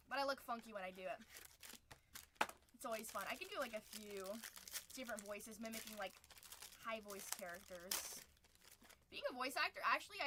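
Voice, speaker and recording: Bright, high-voiced woman streaming card breaks. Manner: chatty and upbeat, calling out each card pulled. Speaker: host of a live trading card break stream. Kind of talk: casual live-stream chat.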